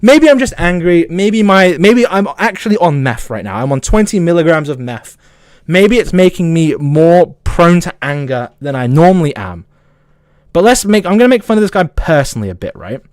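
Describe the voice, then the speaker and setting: A man with a Southern English accent, streaming and ranting casually, swearing, angry and excitable, with a stutter. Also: on the high side, moderate pace, dry recording. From south of England. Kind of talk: casual livestream rant.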